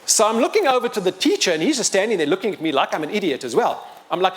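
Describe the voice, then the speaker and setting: A man's voice: high voice, big pitch swings, quick pace, pauses often, a bit bright. A middle-aged man, telling a personal story to a live audience and acting out the dialogue with emotion. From South Africa. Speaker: children's author and speaker.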